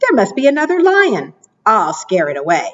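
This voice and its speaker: A woman's voice: medium pitch, wildly swooping pitch, normal speed, fairly bright tone, lo-fi sound. Woman doing a grumpy boastful storybook lion. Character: grumpy male lion, loud jungle king.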